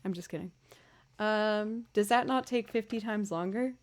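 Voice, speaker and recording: A woman musician chatting casually with viewers on a livestream, bubbly and quick to thank them. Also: mid-range voice. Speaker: musician streamer.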